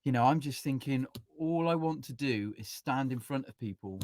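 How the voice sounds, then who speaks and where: A man's voice: medium pitch, moderate pace, a little mellow, no room sound. Man, interview guest, rambling with fillers, acts out quotes, dry sound. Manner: rambling, full of "you know", acts out quotes. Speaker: musician and music teacher, guest. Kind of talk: casual interview chat.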